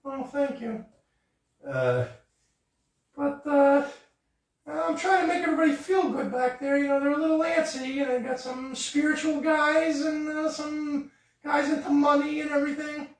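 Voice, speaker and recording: A man voicing a sociable male frog puppet in a high, chatty, eager-to-please voice. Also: normal speed. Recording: echoey room, voice far from mic.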